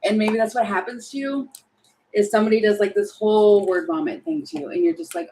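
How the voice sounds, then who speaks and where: A woman talking her way through a live tarot reading, chatty and thinking aloud, exasperated at times and slipping into quick acted-out voices. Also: fairly high pitch, expressive, darkish tone, poor audio. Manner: exasperated about the energy. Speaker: tarot reader.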